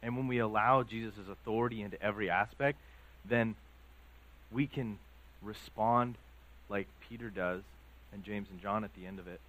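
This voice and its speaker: A man preaching a sermon in a relaxed, conversational storytelling way, with frequent fillers. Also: fairly low pitch, normal speed, rough recording. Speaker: pastor.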